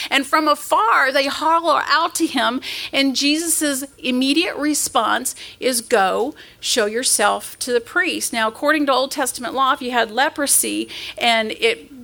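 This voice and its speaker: Middle-aged woman giving a sermon, high and bright, earnest storyteller. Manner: earnest, storytelling, acts out quoted voices. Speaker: preacher.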